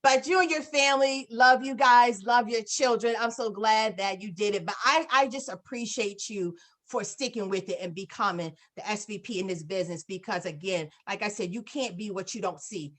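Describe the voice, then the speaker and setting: A woman talks over a video call in a casual, effusive way, piling on praise and quoting herself as she goes. Her voice sits at an ordinary middle pitch. She tells stories with lots of fillers and restarts. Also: normal speed. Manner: effusive, animated storytelling with many fillers. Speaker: guest speaker on a business call.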